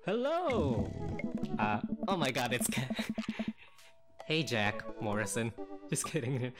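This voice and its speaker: A man's voice: mid-range voice, slow. A man doing let's-play commentary, reading game text aloud and joking and swearing casually as he plays. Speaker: gaming YouTuber. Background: loud game music.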